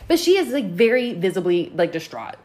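A woman's voice: medium pitch, very animated, brisk, a little mellow. A young woman from Texas telling a story in casual, profane chat and acting out the voices in quotes.

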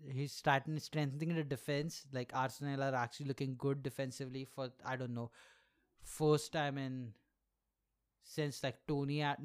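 A man's voice: mid-range voice, smooth. A man hosting a solo podcast, rambling profanely with lots of fillers. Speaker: podcast host. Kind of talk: casual solo podcast rant.

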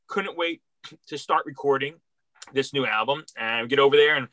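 Man, middle-aged, from Philadelphia, record store worker, rambling and heartfelt, bright edgy tone, dry close sound. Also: medium pitch, moderate pace, no room sound. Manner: rambling and heartfelt, with frequent restarts. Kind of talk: casual interview storytelling.

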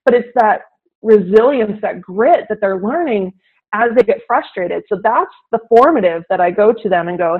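A teacher, a woman, talks through her classroom experiences as an interview guest. She is animated and slips into the voices of her students as she tells a story. Her voice comes through a tinny, narrow line that sounds like a phone call. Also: medium pitch, normal speed. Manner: animated, acts out classroom dialogue.

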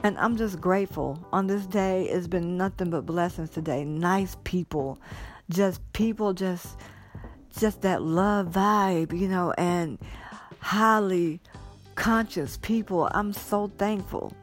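A woman's voice: lowish voice, takes it slowly, soft background music. A woman vlogging casually, telling a rambling story and gushing with thanks, teary with joy. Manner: effusive, grateful, rambling storytelling. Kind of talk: casual vlog monologue.

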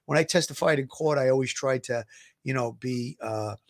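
A man with a Brooklyn New York accent, a former police officer co-hosting a show, talking earnestly in casual chat with many pauses and restarts. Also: mid-range voice.

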